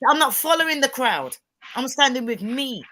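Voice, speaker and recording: Bright, emphatic woman. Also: sits high, moderate pace. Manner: emphatic, animated storytelling with quoted dialogue. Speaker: panelist. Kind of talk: casual panel chat.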